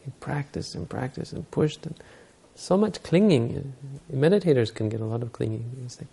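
A man's voice: mid-range voice, lively intonation, normal speed, creaky, few pauses, mellow, slightly rough. A man giving a Buddhist dharma talk, telling stories and explaining teachings unhurriedly, using Pali terms.

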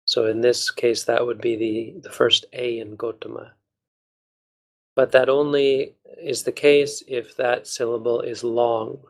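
A man, a Buddhist monk, patiently explaining a text to a study group in a measured way with small restarts. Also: medium pitch, flat delivery, low-quality recording.

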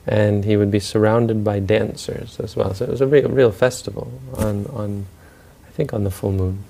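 Gravelly low-voiced male storyteller. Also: steady tone, normal speed, mellow, a little hiss or hum. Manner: loose, with fillers and restarts. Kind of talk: spoken storytelling talk.

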